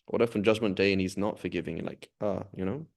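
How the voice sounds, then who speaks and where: A man's voice: deep voice, steady tone, fast talker, vocal fry, darkish tone. A man teaching an informal class, talking conversationally and often checking in with the students. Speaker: Islamic studies teacher.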